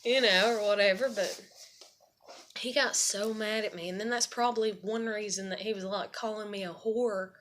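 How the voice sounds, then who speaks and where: A woman's voice: mid-range voice, fairly even intonation, moderate pace, fairly bright tone. A woman talking to camera at home in a casual, rambling confessional monologue, swearing freely and filling her speech with "you know" and "like.". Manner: rambling and profane, many fillers. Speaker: vlogger. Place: her own apartment.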